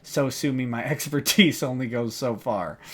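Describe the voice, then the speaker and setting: A man on a live stream reading a legal motion aloud and breaking off into sardonic, mocking asides. He laughs often as he reads. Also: mid-range voice. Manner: sardonic, mocking asides between read-out passages.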